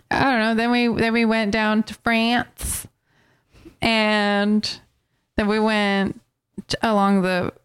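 Chatty American woman, smooth voice. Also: mid-range voice, slow pace, dry recording, studio quality. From United States. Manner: animated storyteller, playfully puts on accents. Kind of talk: casual chat about a trip.

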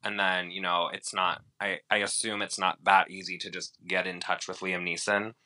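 A man co-hosts a casual podcast, trading jokes and rambling opinions in a sassy manner. His voice sits low yet sounds strikingly bright and sharp. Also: level tone, moderate pace. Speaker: podcast co-host. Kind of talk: casual chat.

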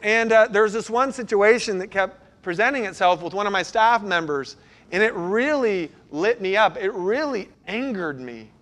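A middle-aged man, a pastor, preaching a sermon and telling stories, sometimes breaking into loud bursts. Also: high voice, moderate pace. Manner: storytelling, animated with sudden loud bursts.

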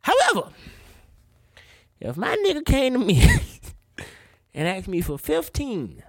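A man's voice: sits high, huge pitch swings, takes it slowly, no echo, studio quality. A man ranting casually on a podcast, incredulous and swearing often, a bit tipsy. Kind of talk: casual opinion rant.

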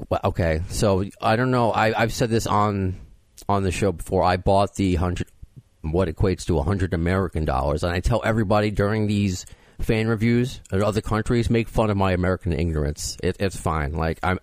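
A man's voice: lowish voice, no echo. Rambling New man hosting a podcast. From Queens, New York. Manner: self-deprecating, rambling with restarts. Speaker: podcast host. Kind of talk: casual podcast chat.

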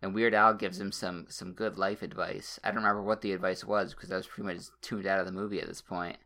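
A man with a fairly low voice and a bright, forceful edge. He co-hosts a podcast and recaps a movie in loose, rambling chat, stumbling over restarts and dropping the occasional swear word. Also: flat delivery, quick pace. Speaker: podcast co-host.

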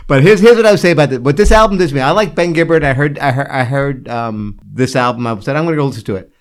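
A man's voice: medium pitch, fast talker. A man co-hosting a podcast, chatting casually in a rambling way with many restarts. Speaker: podcast co-host. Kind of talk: casual chat.

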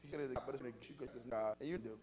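A man's voice: medium pitch, rapid-fire. A man preaching a sermon as pastor, moving from conversational storytelling to fervent, rising exhortation.

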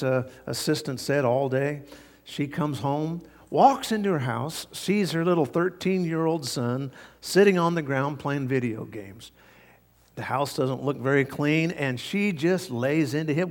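A man's voice: on the high side, unhurried, in a large hall. A man pastor preaching a sermon, telling stories in a folksy way with frequent fillers.

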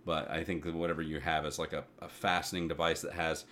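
A man's voice: extremely low pitch, level tone, fast, pushed and bright. A man co-hosting a casual podcast, rambling about gaming news with lots of fillers and restarts. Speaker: podcast co-host.

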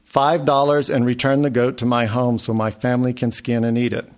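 A man's voice: medium pitch, little pitch movement, fairly quick, lightly acted. A man reading aloud, voicing a frail, shrewd old village father haggling from his sickbed. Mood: insistent. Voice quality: phlegmy, gurgling.

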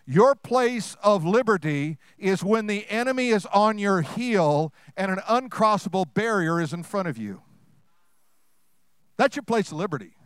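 A man with a high, smooth voice preaches a sermon and quizzes the people in front of him. He swings from loud, quick bursts to hushed, drawn-out lines. The sound is dry, with little room echo. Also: expressive.

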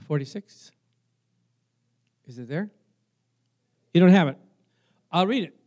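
A man with a somewhat high voice preaches to his congregation in a relaxed, conversational way. He asks for amens and moves between quiet asides and sudden loud cries. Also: a little slow. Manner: swings from soft asides to loud exclamations. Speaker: pastor. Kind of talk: sermon.

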